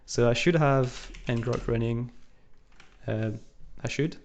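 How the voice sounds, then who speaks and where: Slow and a bit dark in tone, this medium-pitched male voice carries a slight hiss or hum. He's a live stream co-host loosely walking through code at his desk, filling his thinking-aloud with frequent fillers. You can hear him typing and clicking as he goes.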